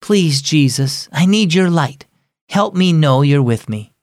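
A man's voice: on the high side, animated, a little slow, dry recording, studio quality. A man voicing a scared young girl in a children's audio story, timid and pleading. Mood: worried.

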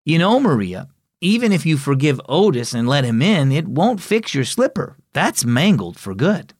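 A man voicing a calm father in a storybook tale, speaking patiently and softly. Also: a little high, moderate pace, no room sound, clean studio sound. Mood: gentle. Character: calm, gentle father giving advice.

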